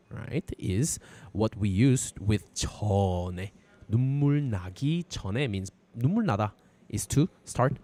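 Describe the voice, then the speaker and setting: A man's voice: mid-range voice, a little mellow. Man teaching a casual outdoor lesson. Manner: casual, irreverent, swears freely. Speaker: Korean teacher. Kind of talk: live-streamed language lesson.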